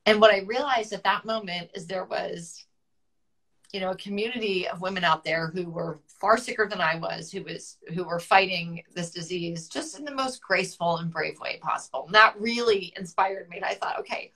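A woman in her fifties tells her own story as a guest in an interview. Her voice is bright and forward, and her telling is candid and full of fillers. At times it turns tearful. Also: fairly low pitch, normal speed, rough recording. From United States. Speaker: guest author. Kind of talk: emotional personal storytelling.

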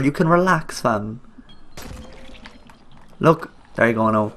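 Unhurried and slightly bright, with long pauses, a young Irish man's mid-range voice carries his let's play commentary as a gaming YouTuber. He rambles jokily, talks back to the characters, and leans on coarse slang and frequent swearing.

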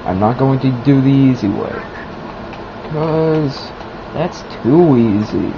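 A man's voice: medium pitch, animated, slow pace. Young man, lo-fi gameplay commentary. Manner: mock-serious, then loud and giddy. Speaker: gamer commentating his own play. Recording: lo-fi, noisy home recording.

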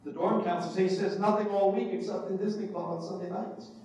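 A man's voice: sits high, brisk, recorded from a distance, slight background noise. Storytelling man in an echoey hall. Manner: animated anecdotes with quoted voices. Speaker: author giving a talk. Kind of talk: storytelling public talk.

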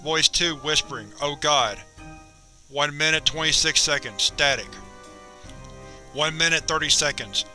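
A man reading a horror log as a narrator, measured and clinical. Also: a little high, sharp tone, faint music behind. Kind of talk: scripted narration of a horror document.

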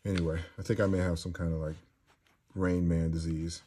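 Deep-voiced crude joking man. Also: flat delivery, a little fast, mellow, a little hiss or hum. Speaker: host reading viewer comments. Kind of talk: casual livestream chat.

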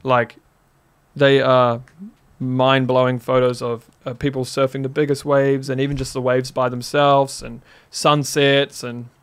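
As a guest on a podcast, a man from New Zealand with a New Zealand accent shares a story casually and with energy, laughing frequently and saying "like" often. His voice is medium-pitched, unhurried and smooth.

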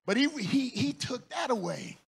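A male pastor preaching a sermon in church, telling stories with shouts, laughter and playful asides to the congregation. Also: very high-pitched, very animated, normal speed, creaky, slightly rough.

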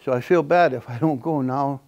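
An older man giving a lecture as an elder, telling stories in a halting, rambling way with many fillers and chuckles. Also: mid-range voice, darkish tone, highs cut off. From Akwesasne Mohawk community. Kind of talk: storytelling lecture.

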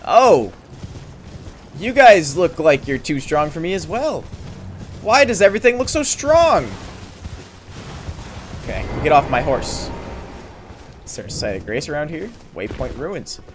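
A young man talking through a game as he plays, excitable and chatty, often yelping in surprise and talking to the characters on screen. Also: measured pace, slight background noise. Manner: excitable, talks to the game, jumps to high yelps. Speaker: streamer playing a game. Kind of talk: let's play commentary. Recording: game music in the background.

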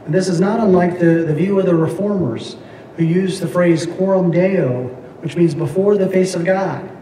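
A man's voice: sits high, dark tone, a little hiss or hum. A man teaching a Bible class, lecturing and reading scripture aloud, with many fillers and restarts. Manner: halting, frequent fillers and restarts. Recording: echoey room, mic at a distance.

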